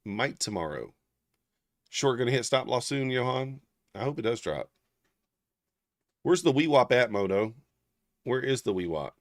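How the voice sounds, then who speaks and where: A man's voice: medium pitch, very animated, a little slow, long pauses, no room sound, clean studio sound. A man hosting a live trading stream, thinking aloud in casual, half-murmured commentary. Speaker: trading livestream host.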